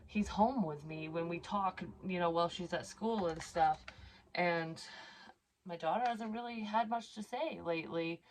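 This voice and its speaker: A middle-aged woman vlogging casually as a psychic medium, rambling with many fillers and casual swearing, and reading cards aloud slowly. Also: on the low side, a little hiss or hum. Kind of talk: casual personal vlog.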